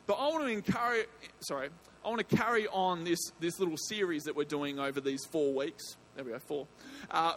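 A man's voice: sits high, fairly bright tone. A man preaching an evening sermon in a church, chatty and jokey, often breaking off mid-sentence and bursting into emphasis. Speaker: pastor. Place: church hall.

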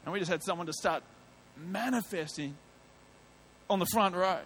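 An Australian man preaching from the pulpit, slipping into a story about his own past. His voice sits a little higher than most men's, and he acts out what he thought and said with lively, vivid delivery. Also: normal speed, a little hiss or hum. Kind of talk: sermon testimony.

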